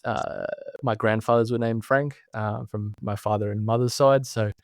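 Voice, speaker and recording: Relaxed Australian man, dry close sound. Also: on the low side, moderate pace, gravelly, no echo. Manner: relaxed, chatty, laughs easily. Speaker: podcast guest, branding specialist. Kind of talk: casual conversational interview.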